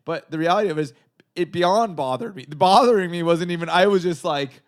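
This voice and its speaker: A man's voice: high-pitched, fairly quick. A man from Southern California, a comedian guest, telling a long story in casual chat, rambling and swearing with lots of filler words. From San Gabriel Valley, California.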